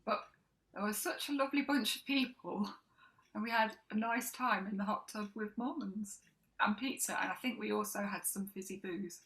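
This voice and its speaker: A woman's voice: medium pitch, moderate pace, fairly bright tone, rough recording. A woman co-hosting a casual chat, laughing often and trailing off mid-sentence. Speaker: co-host.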